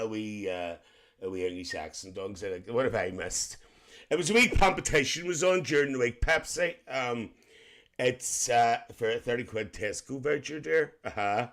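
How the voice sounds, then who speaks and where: A man's voice: mid-range voice, a bit bright. A man voicing a cheeky, gossipy middle-aged Northern Irish aunty who chats with live-stream viewers and calls them dear. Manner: chatty, calls everyone dear, laughs often. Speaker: livestream host.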